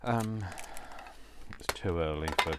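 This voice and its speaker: A man's voice: low voice, slow, heavy background noise. A man hosting a crafting video, rambling and joking at his own expense while he works, often talking to himself. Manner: rambling, self-mocking, talks to himself. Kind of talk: casual crafting chat while working.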